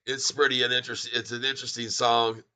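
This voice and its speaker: A male stock vlogger chats casually to his viewers. His voice is very bright and edgy at a mid pitch. He rambles and gets excited, with lots of exclamations. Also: fast. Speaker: stock market vlogger and songwriter. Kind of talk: casual livestream chat about stocks.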